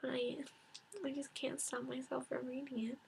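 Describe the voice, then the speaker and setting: Half-whispering and on the verge of tears, a woman records a casual book review. Her fairly high voice stays flat and is heavy with gravelly fry, and she pauses often and restarts sentences, with a little hiss or hum in the background.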